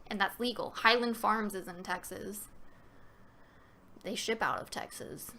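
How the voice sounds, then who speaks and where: Woman, live-stream Q&A host, casual and chatty, bright sharp tone, lots of filler words. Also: mid-range voice, measured pace. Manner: chatty and loose, many fillers and restarts; reads viewer questions aloud. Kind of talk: casual live-stream Q&A, answering viewer questions.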